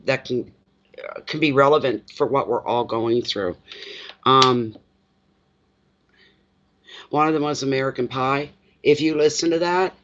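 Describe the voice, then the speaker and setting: A man's voice: mid-range voice, fairly bright tone, slight background noise. A man hosting a tarot-reading livestream, chatting casually with viewers in a rambling way and laughing easily. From eastern Canada. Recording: dull lo-fi livestream audio.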